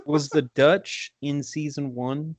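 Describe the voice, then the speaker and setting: A man's voice: fairly high pitch, fairly even intonation, slow pace, no echo. A man joining a podcast as a guest, talking casually and tentatively. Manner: hesitant, tentative. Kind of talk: casual chat.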